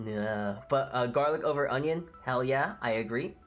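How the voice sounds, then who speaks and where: Very low-voiced blunt woman streamer. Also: normal speed, soft background music. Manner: blunt, opinionated, swears casually. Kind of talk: casual live-stream chat.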